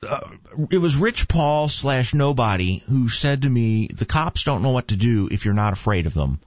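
A man's voice: medium pitch, big pitch swings, moderate pace, dry recording. A man chatting casually, telling rambling joking stories. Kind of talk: casual chat. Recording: dull lo-fi sound.

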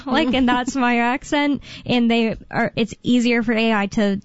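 A woman's voice: on the high side, unhurried, smooth, dry recording, lo-fi sound. Young woman rambling on talk radio. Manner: rambling, filler-heavy, self-correcting. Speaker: radio co-host. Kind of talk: casual talk radio chat.

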